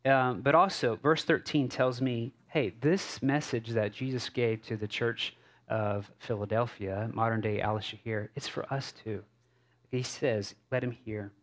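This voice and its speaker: A male pastor giving a conversational sermon in a small church, casual and halting with many fillers and restarts. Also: mid-range voice, fairly even intonation, a bit bright.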